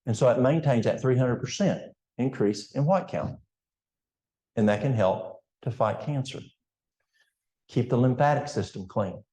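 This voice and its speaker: This health educator, an older East Tennessee Appalachian man, delivers a folksy seminar on health inside a church and talks straight to the people listening. His mid-range voice is mellow and unhurried, with a roomy acoustic.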